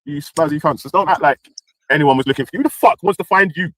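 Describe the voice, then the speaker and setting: A man's voice: on the high side, quick pace, a bit bright, no room sound, low-quality recording. A man hosting a casual talk stream, mocking and swearing, often laughing. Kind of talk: heated casual commentary.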